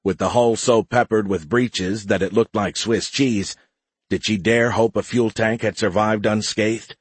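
Male audiobook narrator, low and husky, dry booth sound. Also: fairly even intonation, unhurried, no echo. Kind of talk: scripted narration.

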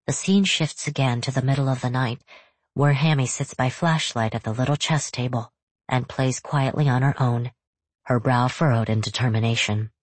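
Give me a husky audiobook narrator. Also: mid-range voice, dry recording. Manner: steady, measured storytelling. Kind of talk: scripted first-person narration.

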